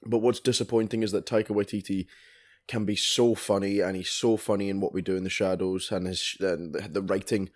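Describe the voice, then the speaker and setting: A man co-hosting a podcast, giving blunt opinions with casual swearing. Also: low-pitched. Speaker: podcast co-host. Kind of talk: casual film chat.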